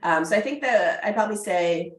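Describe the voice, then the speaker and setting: A woman recalling a recording session with excited, halting speech. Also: medium pitch, recorded from a distance. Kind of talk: casual reflection. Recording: echoey room, away from mic.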